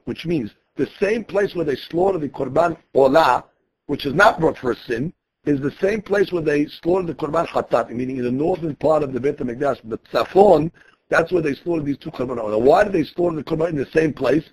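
A man's voice: a little high, a little fast, darkish tone, slightly rough. A man teaching a Talmud lesson, explaining each quoted phrase and restating his points in a conversational way.

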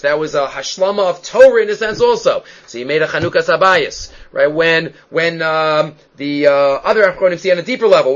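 A man teaching a Talmud class as a rabbi, lecturing emphatically, his voice jumping up and dropping down to stress points. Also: a little high. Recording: dull lo-fi recording.

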